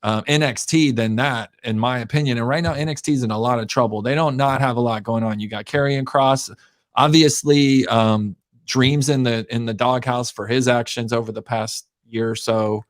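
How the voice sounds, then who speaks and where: A man's voice: mid-range voice, steady tone, moderate pace, no echo, studio quality. A man hosting a casual wrestling podcast, talking bluntly with strong opinions and casual swearing. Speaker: podcast host. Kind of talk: casual chat.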